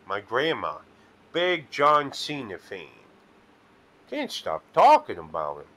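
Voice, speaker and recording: Slow, animated joking man. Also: mid-range voice. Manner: rambling absurd storytelling, playful. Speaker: streamer playing slot machines. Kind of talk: casual joking commentary.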